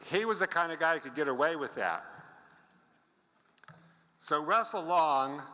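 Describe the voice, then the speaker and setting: Older man with a bright voice telling stories in a big hall. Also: medium pitch. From United States. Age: 70s. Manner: storytelling with wry asides to the audience. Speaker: conference speaker. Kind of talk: anecdotal conference talk. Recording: long reverb of a large hall.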